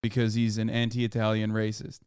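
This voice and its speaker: Smooth-voiced man reacting excitedly. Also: lowish voice, dry recording, studio quality. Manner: excitable, profane, quick reactions. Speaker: streamer reacting to an interview. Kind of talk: casual live-stream commentary.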